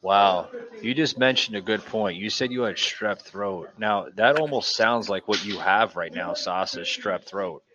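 A man's voice: fairly low pitch, measured pace, sharp tone, lo-fi sound. A man hosting a casual podcast chat in a studio, talking hesitantly with many fillers and restarts. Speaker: podcast host. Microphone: studio mic.

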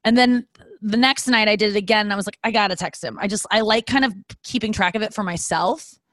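A woman's voice: mid-range voice, quick pace, a bit bright, no echo. A woman hosting a casual solo podcast, rambling and self-deprecating, swearing freely as she wanders off topic. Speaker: podcast host. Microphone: podcast microphone.

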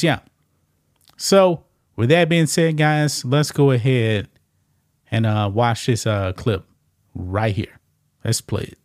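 A man's voice: mid-range voice, slow, long pauses, dry recording, clean studio sound. A man giving casual reaction commentary on a video clip, repeating himself and often saying "man". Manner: casual, repetitive, says "man" a lot.

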